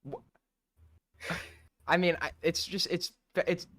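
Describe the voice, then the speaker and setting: A man's voice: sits high, steady tone, slow pace, pushed and bright. A man hosting a live-stream call-in show, talking casually, hesitant with many fillers and restarts.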